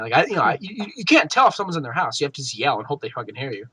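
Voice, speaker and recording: A young man co-hosting a gaming podcast, telling a story in casual chat, swearing freely and acting out shouted quotes. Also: mid-range voice, big pitch swings, rapid-fire, husky, dry recording. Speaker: podcast co-host.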